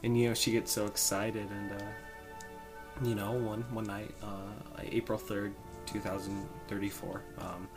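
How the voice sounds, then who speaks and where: A young man co-hosting a podcast, telling a rambling made-up story with lots of fillers and pauses. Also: on the low side, level tone, over music. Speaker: podcast co-host. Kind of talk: casual improvised storytelling.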